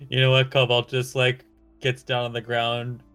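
Male player, mid-pitched, amused, describes actions. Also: completely flat delivery, normal speed, a bit bright, soft background music. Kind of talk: tabletop role-play.

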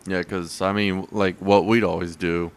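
A man's voice: low voice, flat delivery, unhurried. A man in casual chat with friends, speaking hesitantly with many fillers. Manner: hesitant, filler-heavy speech.

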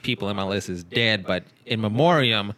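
A man co-hosting a podcast in casual banter, cracking deadpan, absurd jokes. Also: lowish voice, normal speed, dry recording. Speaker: podcast co-host.

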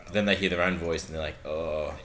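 A man with a deep voice, self-deprecating in casual podcast chat. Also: fairly even intonation, fast, a bit bright. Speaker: podcast co-host.

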